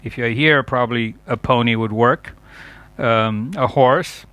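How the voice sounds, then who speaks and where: A man's voice: medium pitch, fairly even intonation, measured pace, sharp tone, no echo, muffled recording. A man giving a chatty, digressive lecture at a yoga festival, laughing often at his own asides.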